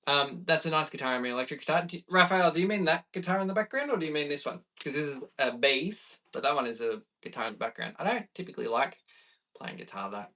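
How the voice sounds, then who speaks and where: An Australian man in his thirties, a bass player chatting easygoing with viewers on a live stream. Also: lively intonation, fast, pushed and bright, distant mic. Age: 30s. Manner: chatty and easygoing, reading viewer questions aloud.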